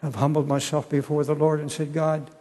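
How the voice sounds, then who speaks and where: An older man preaching a sermon and altar call, pleading slowly and repeating his words. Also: fairly high pitch, little pitch movement, warm tone, in a large hall.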